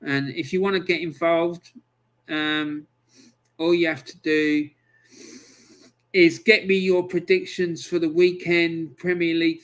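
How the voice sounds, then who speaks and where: A man's voice: fairly high pitch, a bit bright. A man hosting his own football review channel, talking alone in a chatty, exasperated, bantering way. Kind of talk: solo football review talk.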